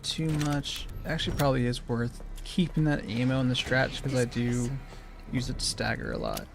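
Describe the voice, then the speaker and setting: Casting: male streamer, gravelly voice, casual speedrun commentary, talks to himself, loops on phrases. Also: mid-range voice, animated, normal speed. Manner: thinking aloud, repeating phrases, self-correcting.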